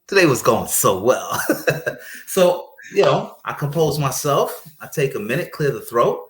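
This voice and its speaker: A man, a guest, telling a personal story in a lively, chatty way, laughing and repeating phrases. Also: medium pitch, unhurried, reverberant. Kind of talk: anecdotal storytelling.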